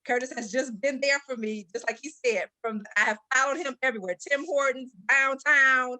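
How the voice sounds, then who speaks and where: Brief: Detroit woman, community leader, storytelling testimonial, bright dry voice. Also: high voice, steady tone, normal speed, dry recording. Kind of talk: casual testimonial.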